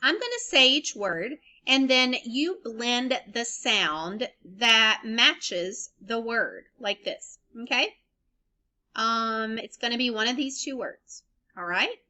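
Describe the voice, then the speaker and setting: A woman teaching young children a recorded phonics lesson, sounding out and spelling words slowly and deliberately. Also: a little high, lively intonation, bright, forceful tone. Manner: slow, deliberate spelling and sound-blending for kids. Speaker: elementary school teacher.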